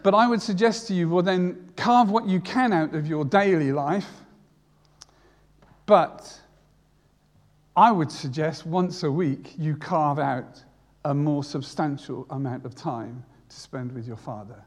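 A man's voice: fairly high pitch, a little slow, big-room sound. A retired man preaching a sermon, earnest and repeating key phrases for emphasis. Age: older.

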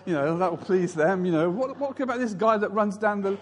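Husky high-voiced preacher in a hall. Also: male voice, lively intonation, a little fast. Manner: storytelling, mimics others in raised voices. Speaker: pastor. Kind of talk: sermon.

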